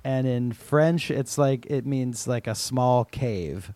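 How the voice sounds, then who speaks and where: A man's voice: mid-range voice, slow, no echo. An American man co-hosting a podcast, telling stories in casual chat and acting out what his friends said. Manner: animated storytelling, acts out quoted friends. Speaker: podcast co-host.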